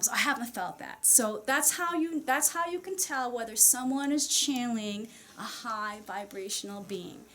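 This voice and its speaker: A woman's voice: medium pitch, fairly bright tone, a little hiss or hum. A woman channeler speaking to an audience in a casual, chatty way, full of fillers and small laughs. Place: society meeting room.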